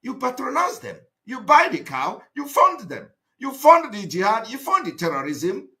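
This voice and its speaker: A man giving a live broadcast monologue, emphatic and repetitive, breaking into shouted outbursts. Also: very high voice, wildly swooping pitch, moderate pace. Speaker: activist broadcaster.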